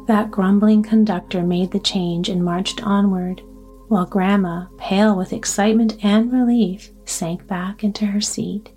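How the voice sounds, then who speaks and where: Female sleep-story narrator, gentle and soothing, mellow tone, faint music bed. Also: mid-range voice, steady tone, unhurried. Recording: soft background music.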